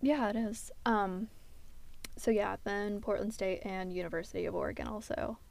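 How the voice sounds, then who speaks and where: A woman's voice: mid-range voice, fairly even intonation, moderate pace, vocal fry, a little mellow. A young woman in her late teens, from the United States, co-hosting a casual podcast chat. She talks in a chatty way and explains things at length. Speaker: podcast co-host.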